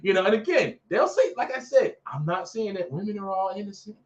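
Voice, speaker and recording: A podcast host with a high, fairly quick voice runs a talk show from an office, preaching in a casual, lively way and repeating phrases for emphasis. He animatedly acts out characters in skits. The mic sits far away in an echoey room, giving a dull sound.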